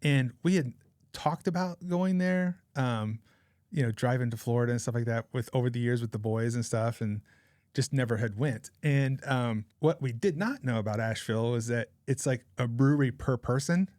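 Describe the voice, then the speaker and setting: Man in his forties, mid-pitched voice, rambling casual storyteller, dry close sound. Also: normal speed, a little mellow, dry recording. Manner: rambling, chatty anecdote-telling with frequent laughs. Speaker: podcast guest.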